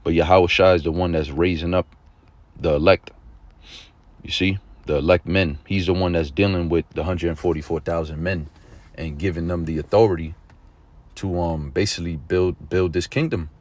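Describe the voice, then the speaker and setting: Deep-voiced man preaching a casual lesson. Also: normal speed. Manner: conversational, keeps checking in with the listener; grows excited and emphatic at points. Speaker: religious teacher.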